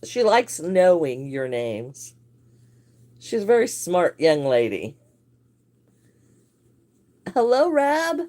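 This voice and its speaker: Slow-talking woman crochet streamer. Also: lowish voice, a little mellow. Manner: chatty, greets viewers by name, laughs often. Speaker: crochet livestream host. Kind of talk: casual livestream chat with viewers.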